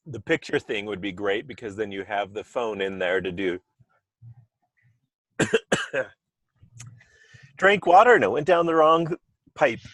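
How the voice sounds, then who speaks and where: A man's voice: on the low side, animated, normal speed, a bit bright, dry recording. A man hosting a podcast in casual chat, talking loosely with asides and restarts over a remote call microphone. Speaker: podcast host.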